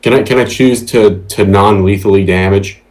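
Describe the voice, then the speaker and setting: A man with a very low voice talks as a player in a tabletop game over a video call. He asks direct rules questions in a plain, casual way. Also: steady tone, moderate pace.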